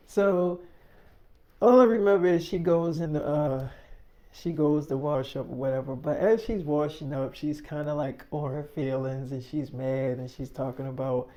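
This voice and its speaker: A man's voice: on the high side, moderate pace, warm tone. Rambling, profane young man telling a story. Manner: rambling, profane, lots of fillers. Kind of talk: casual storytelling.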